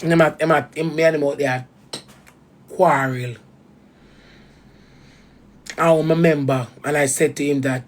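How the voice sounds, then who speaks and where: Heated jamaican woman ranting, low voice. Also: fairly even intonation, unhurried, long pauses. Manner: heated, patois-heavy, swearing. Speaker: vlogger. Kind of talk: emotional personal rant to viewers.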